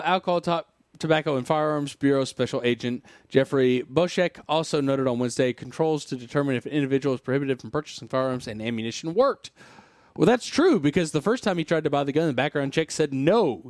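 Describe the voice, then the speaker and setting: A man hosting a casual podcast reads a news article aloud, interrupting himself with sarcastic, wry remarks and sighs. His voice is mid-range and the recording is dry.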